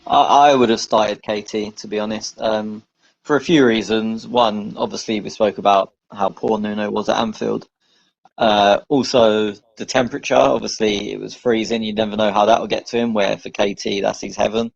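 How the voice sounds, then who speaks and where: A man's voice: on the low side, fairly even intonation, normal speed, vocal fry, dry recording, lo-fi sound. A man from the UK, co-hosting a football podcast, lays out his points in an easygoing, reasoned way. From United Kingdom. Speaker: podcast co-host. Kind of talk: casual football podcast chat.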